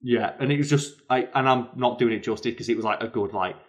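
A British man co-hosting a casual chat, telling stories in an animated way with lots of fillers. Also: mid-range voice, fast, highs cut off. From Britain. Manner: animated storyteller, many fillers. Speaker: podcast co-host.

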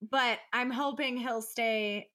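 A young woman co-hosting a podcast in casual chat, telling animated stories and acting out her toddler's voice. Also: on the high side, takes it slowly. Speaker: podcast co-host.

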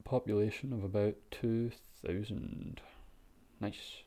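A man's voice: on the low side, steady tone, slow, warm tone. A Scottish man giving laid-back, sweary reaction commentary with lots of ums and chuckles. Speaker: vlogger.

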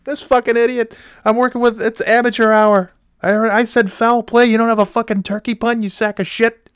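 A man putting on a furious, foul-mouthed male news anchor boss who yells insults and curses nonstop. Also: extremely high pitch, level tone, normal speed, smooth, no echo, studio quality, voice pushed up. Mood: enraged. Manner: yelling insults, cursing nonstop.

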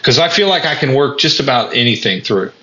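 A man's voice: medium pitch, animated, fairly quick, bright, forceful tone. A man talking earnestly straight to the viewer about lessons he has learned, often stumbling and repeating words as he thinks. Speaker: vlogger. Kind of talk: reflective personal monologue. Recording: echoey room, dull lo-fi sound.

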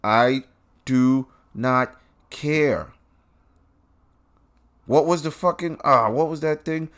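A man's voice: medium pitch, slow pace, long pauses, a bit bright. A man hosting his own show, ranting bluntly and swearing constantly, recorded in a car. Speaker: podcast host. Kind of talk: profane ranting commentary.

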